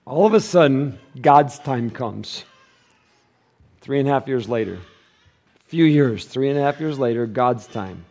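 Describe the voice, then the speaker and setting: A male pastor preaching a sermon in a casual, conversational way, using slang, and swinging between loud, emphatic stretches and quiet, low passages. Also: expressive, a little slow, long pauses.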